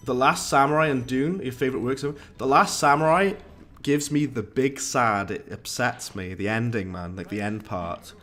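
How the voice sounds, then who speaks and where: A chatty man, rambling casually to his viewers as he plays. His pitch sits in an average middle range, and faint game music runs underneath. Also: moderate pace, pushed and bright. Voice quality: posh-sounding. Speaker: streamer. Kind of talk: casual game-stream chat.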